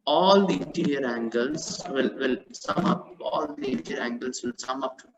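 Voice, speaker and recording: Over noisy background sound, a man with a mid-range voice speaks at normal speed while tutoring maths in a live online session. He tends to repeat himself, self-corrects along the way and encourages his students with praise; the recording is dull, lo-fi call audio.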